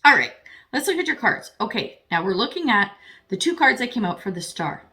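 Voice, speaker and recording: A woman's voice: on the high side, very animated, brisk, pushed and bright. A woman reads tarot cards for her audience in a loose, conversational way. She speaks frankly, curses without hesitation, and addresses the listener directly with playful asides about herself. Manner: chatty and frank, swears freely; addresses viewers directly, self-deprecating asides. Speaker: tarot reader. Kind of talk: casual tarot reading to camera.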